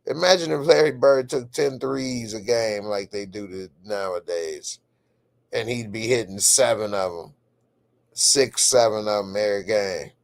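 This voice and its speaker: A low-pitched American man drawls through his late-night stream sign-off, taking his time over every phrase. He stays relaxed and chatty and laughs easily with his viewers. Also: measured pace, gravelly. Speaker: streamer host.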